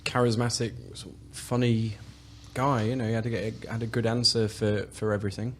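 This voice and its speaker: A man giving his views as a panelist on a football podcast, measured and opinionated, often restarting his phrases. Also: lowish voice, flat delivery, a little hiss or hum. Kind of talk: casual football podcast discussion.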